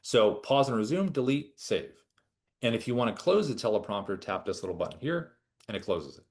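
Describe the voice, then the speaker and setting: Guy walking you through an app, casual and chatty, pitch bouncing all over. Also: fairly quick. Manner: relaxed, chatty, with lively ups and downs. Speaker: software product trainer. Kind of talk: casual screen-share tutorial.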